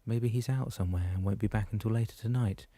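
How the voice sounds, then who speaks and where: A man voicing an easygoing young male friend with a relaxed, joking manner, in an audiobook. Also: lowish voice, quick pace, no echo.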